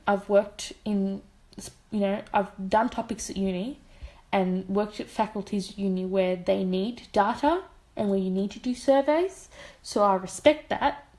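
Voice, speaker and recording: A young woman in her twenties with an Australian accent, co-hosting a casual podcast chat and acting out the voices in her stories. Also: medium pitch. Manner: animated storyteller who acts out quoted voices. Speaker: podcast co-host.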